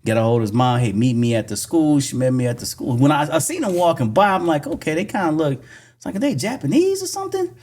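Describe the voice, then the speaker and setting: A man's voice: mid-range voice, fast talker, hardly any pauses, a little mellow. A man on a podcast casually telling a story about his school district work, with slang and fillers. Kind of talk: casual chat.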